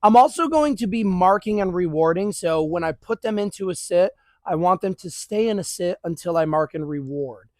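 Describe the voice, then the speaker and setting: A man with a fairly high voice talks viewers through a dog training drill outdoors, mixing calm explanation with quick praise for the dogs. The sound is dry and close, with little room around it. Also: no echo. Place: outdoors near grass.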